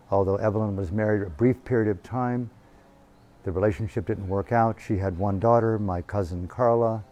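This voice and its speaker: A man teaching a meditation retreat, telling a family story in an animated, profane way into a handheld microphone. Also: fairly low pitch. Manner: animated, profane, acting out voices. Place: retreat hall.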